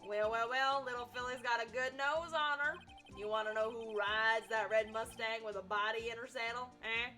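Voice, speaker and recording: A woman voicing a gruff, territorial middle-aged male cowboy sheriff, with a folksy Western drawl. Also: on the high side, steady tone, moderate pace, pushed and bright, soft background music.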